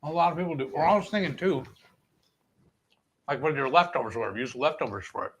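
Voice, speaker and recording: A man's voice: on the high side, lively intonation, a little fast, fairly bright tone, husky. A man, co-hosting a casual cooking livestream in an easygoing, chatty way. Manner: easygoing, talks to viewers as y'all. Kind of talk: casual live-stream chat.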